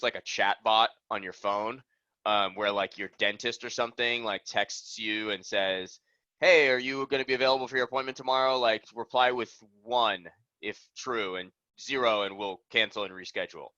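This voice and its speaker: A man with a lowish but bright, forward voice talks through product updates in a relaxed, rambling webinar style, scattering ums and likes as he goes. The sound is dry and close, with a slightly dull, lo-fi quality. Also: dry recording. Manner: loose, chatty, lots of ums and likes. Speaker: product presenter. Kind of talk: casual webinar walkthrough.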